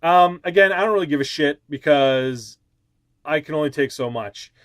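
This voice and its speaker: A man's voice: fairly high pitch, expressive, normal speed, no echo, clean studio sound. Profane, heated man ranting to camera. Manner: heated, profane, rambling with many fillers. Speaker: channel host. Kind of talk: ranting commentary vlog.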